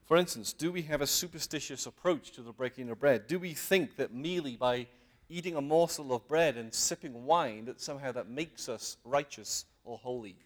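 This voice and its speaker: In a meeting hall full of worshippers, a man speaking at medium pitch and normal speed preaches earnestly as a lay minister. He frequently asks questions and stresses his arguments with emphatic upward swells.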